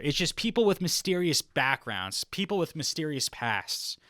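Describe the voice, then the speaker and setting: A young man hosting a comedy podcast alone, riffing in a rambling, deadpan way and laughing at his own lines. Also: medium pitch, dry recording, studio quality. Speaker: podcast host. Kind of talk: comedic solo podcast monologue.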